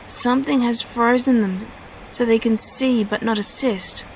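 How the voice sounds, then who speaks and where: A woman's voice: a little high, steady tone, a little slow, a little hiss or hum, rough recording. A woman voicing a wounded, desperate teenage boy in a fanfiction reading.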